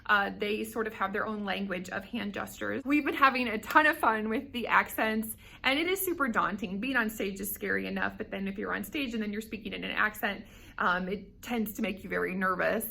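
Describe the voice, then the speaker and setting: A woman's voice: mid-range voice, fairly quick, gravelly, pushed and bright. A woman directing a school play, upbeat and explanatory in a behind-the-scenes interview.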